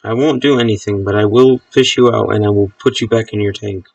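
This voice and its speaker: A man's voice: on the low side, fairly even intonation, a little fast, gravelly, dry recording, far from the mic. A man chatting casually on a live stream, amused, talking to his pet snake as he handles it.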